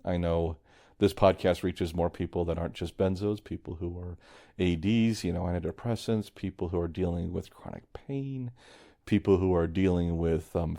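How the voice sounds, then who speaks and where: A man hosting a solo podcast, talking in a reflective, meandering way, quietly worried and often restarting his sentences. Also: deep voice. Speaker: podcast host. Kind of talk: casual solo podcast monologue.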